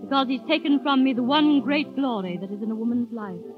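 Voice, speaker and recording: Actress playing a flighty, theatrical schoolmistress. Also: female voice, a little high, a little fast, lightly acted. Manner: theatrical, flighty, given to sighs and exclamations. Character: schoolmistress posing as a coquettish young niece. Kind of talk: 1930s radio drama acting. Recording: tinny lo-fi old radio broadcast with faint music.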